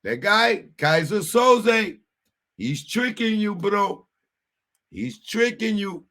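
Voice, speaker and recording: A man's voice: high-pitched, lively intonation, slow pace, sharp tone, pitched above the performer's own voice, heavily acted. A man voicing a scheming Italian-American mafia man with conspiratorial, wheedling mob-boss talk.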